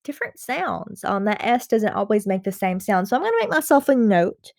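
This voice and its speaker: A woman's voice: mid-range voice, sing-song, brisk, vocal fry, no echo, studio quality. A woman teaching a recorded reading lesson. She explains patiently, repeats key points and often says um.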